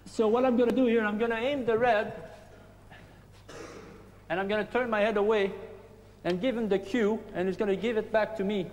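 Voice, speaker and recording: A man who learned English late, explaining and setting up his trick shots in plain, halting English. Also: high-pitched, fairly even intonation, darkish tone. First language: not English. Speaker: trick shot player. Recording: reverberant hall with faint hum.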